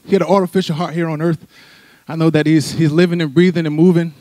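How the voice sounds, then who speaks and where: Brief: male preacher, fairly high voice, dry close sound, chatty sermon delivery. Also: fairly even intonation, fast talker, mellow, no room sound. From Philadelphia. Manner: conversational preaching, frequent "right?" asides. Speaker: church speaker. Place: church sanctuary.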